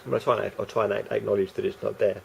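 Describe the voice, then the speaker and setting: A man's voice: fairly low pitch, little pitch movement, racing, gravelly, a little mellow, a little hiss or hum. A man rambling through a casual vlog monologue, hesitant and full of restarts and fillers. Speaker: vlogger.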